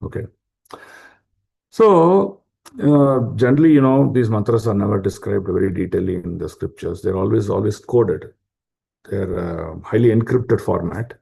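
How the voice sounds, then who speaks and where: A man's voice: on the low side, moderate pace, gravelly, mellow, husky. A man giving an informal scripture class, explaining step by step with rhetorical questions and many fillers. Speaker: spiritual class speaker.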